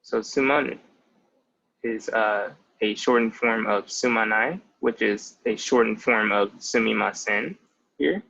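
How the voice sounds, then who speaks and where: A language tutor in his twenties talks through a casual lesson one step at a time, often leading with "so" and "basically." His voice sits on the low side and is bright and forceful, a little slow, with vocal fry. The recording sounds muffled and lo-fi.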